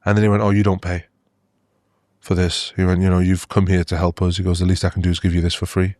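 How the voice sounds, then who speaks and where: A man, a doctor from Australia and the UK, telling stories earnestly in an interview, with many halting restarts. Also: deep voice, completely flat delivery, a little mellow, no room sound, studio quality. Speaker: doctor guest. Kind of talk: interview storytelling.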